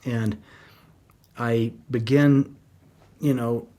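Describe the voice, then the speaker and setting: A man's voice: medium pitch, fairly even intonation, very slow, warm tone. A middle-aged man, a guest in an interview, telling a personal story in an earnest, heartfelt, reflective way.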